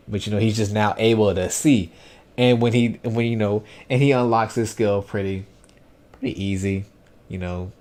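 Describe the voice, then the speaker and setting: A man giving a casual first-impressions anime review, loose and rambling with lots of fillers and restarts. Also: lowish voice. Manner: chatty, animated.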